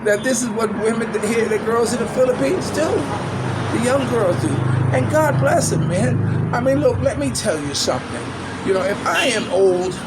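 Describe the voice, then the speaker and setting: A man's voice: very high-pitched, lively intonation, normal speed, heavy background noise. An older man vlogging in a casual, rambling way, chuckling often and leaning heavily on "you know" fillers. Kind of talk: casual vlog commentary. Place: small outdoor hangout spot after tennis.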